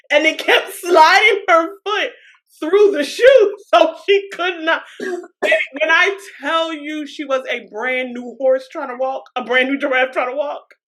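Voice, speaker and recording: Woman co-host, high voice, animated storyteller who keeps breaking into tearful laughter. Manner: laughs through her story, giggly and animated. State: crying with laughter. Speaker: podcast co-host. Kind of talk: casual chat, storytelling.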